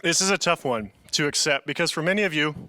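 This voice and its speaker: Young male youth pastor, earnest casual preaching, bright tone, dry sound. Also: on the high side, fast, no echo. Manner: earnest, casual, says "man" often. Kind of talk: youth sermon.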